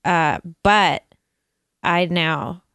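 Co-host: gravelly woman, low voice, dry close mic, jokey asides. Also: fairly bright tone, no room sound. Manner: quick joking asides, crude humor. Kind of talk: casual chat.

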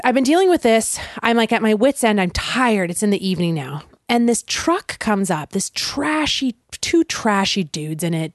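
A young woman telling a story in casual chat, animated and laughing, full of "like". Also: mid-range voice, dry recording, studio quality. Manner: animated, laughing, lots of "like" fillers.

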